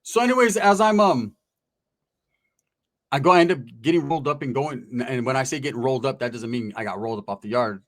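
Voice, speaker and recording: A man's voice: mid-range voice, brisk, a bit bright. A man casually telling prison stories in profane, streetwise slang, acting out the voices of people he quotes. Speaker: guest recounting prison stories. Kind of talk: casual storytelling.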